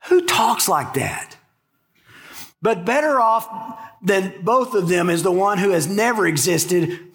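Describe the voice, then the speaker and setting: A pastor preaching a sermon in a church, animated and full of rhetorical questions. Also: male voice, high voice. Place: church sanctuary. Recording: long hall reverb.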